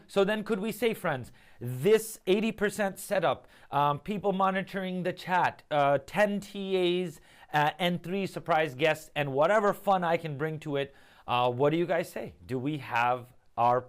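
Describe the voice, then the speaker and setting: A man leading a casual team meeting over a video call, talking energetically and quickly. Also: fairly high pitch. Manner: energetic, quick, animated retelling. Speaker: program lead.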